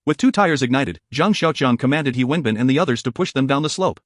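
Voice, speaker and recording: A man narrating an audiobook in a brisk, even storytelling manner. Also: mid-range voice, no room sound, clean studio sound.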